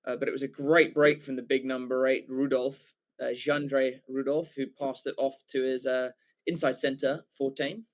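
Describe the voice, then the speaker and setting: An English man giving live play-by-play rugby commentary for a watchalong stream, excitable and rambling, full of fillers and self-corrections. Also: mid-range voice, moderate pace. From England.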